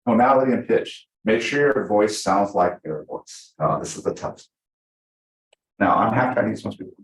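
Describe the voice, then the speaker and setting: A man teaching a live class to real estate agents, chatty and animated, acting out the people he quotes. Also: lowish voice, moderate pace, vocal fry. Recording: echoey room.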